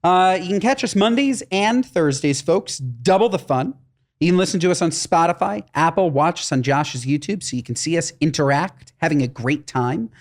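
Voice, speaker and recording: Dude cohost telling goofy stories, big swoopy pitch, over the top. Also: male voice, expressive, moderate pace. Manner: playful, exaggerated storytelling. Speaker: podcast co-host. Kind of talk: casual comedic chat.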